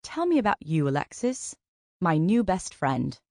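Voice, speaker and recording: Woman doing a charming young man, clipped accent, teasing, smooth, lowish voice, dry close sound. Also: very animated, measured pace, darkish tone, no echo. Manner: teasing, smooth, calls her darling.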